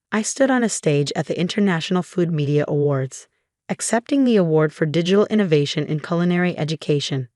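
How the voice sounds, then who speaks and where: A woman with a somewhat low voice narrates a scripted first-person story. She speaks evenly and with measured control. The sound is dry and close, with no room around it. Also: darkish tone, no room sound.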